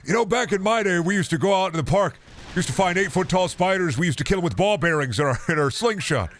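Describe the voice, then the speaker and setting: A man's voice: sits high, lively intonation, quick pace, a bit bright, pitched above the performer's own voice. A man voicing a boastful old-timer telling rambling tall tales about his youth. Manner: rambling tall-tale storytelling. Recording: game noise behind.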